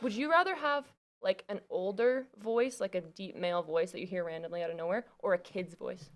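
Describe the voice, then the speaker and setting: A woman's voice: medium pitch, brisk. A Canadian woman co-hosting a live podcast, chatting casually, reading listener ghost stories aloud and laughing often. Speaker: podcast co-host.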